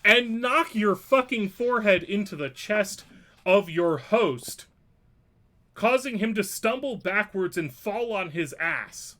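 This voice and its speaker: A man's voice: high-pitched, lively intonation, slow, bright, forceful tone. A man narrating a tabletop game as dungeon master, playful and profane, often laughing as he describes the action.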